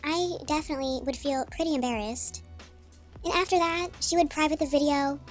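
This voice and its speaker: A woman's voice: high-pitched, fairly even intonation, a little fast. A young woman vlogger telling a storytime in a chatty, exasperated way, with sassy asides. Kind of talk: storytime vlog. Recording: soft music behind.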